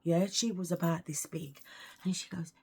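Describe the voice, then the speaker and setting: A woman's voice: on the low side, fairly even intonation, normal speed, mellow, breathy edge. A British woman vlogging, telling stories to camera in a chatty, ranting way with lots of asides. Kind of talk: casual storytelling to camera.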